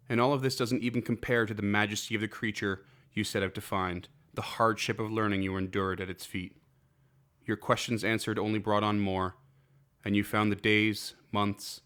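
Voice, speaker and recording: Male game master, low voice, quiet and measured scripted narration. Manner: soft, slow and measured. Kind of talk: scripted second-person narration.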